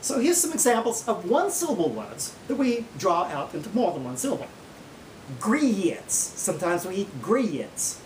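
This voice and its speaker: A man putting on a folksy Oklahoma naturalist who lectures in a slow drawl with an Oklahoma accent, his pitch swinging up and down as he makes each numbered point. The voice sits back from the mic in an echoey room. It is a comic mock lecture. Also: big pitch swings, slight background noise. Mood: folksy lecturing. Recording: roomy, distant from the mic.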